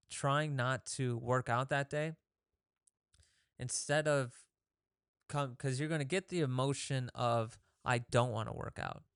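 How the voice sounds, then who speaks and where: A man with a smooth, resonant voice talks casually as a fitness host, coaching his listeners. He often acts out the thoughts in people's heads and restarts his sentences. The sound is close and dry, with no room echo. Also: medium pitch, fairly bright tone. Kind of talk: casual motivational talk.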